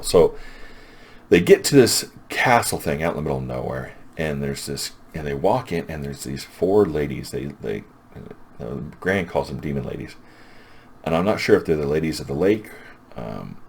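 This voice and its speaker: A man's voice: very deep voice, lively intonation, normal speed, gravelly, darkish tone, slightly rough. A man casually retelling a comic's plot as a reviewer, rambling and enthusiastic.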